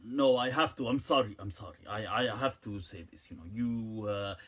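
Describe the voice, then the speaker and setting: Man putting on an indignant Arabic-accented man, low and hesitant, who stammers and apologizes over and over. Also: moderate pace, fairly bright tone. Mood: indignant, apologetic. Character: agitated Middle Eastern man, apologetic yet indignant.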